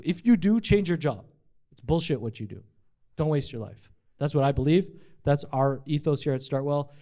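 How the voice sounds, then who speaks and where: A middle-aged man giving a casual live talk about his company to an audience, energetic and profane, with jokey asides. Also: fairly high pitch. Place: event space in front of a live audience.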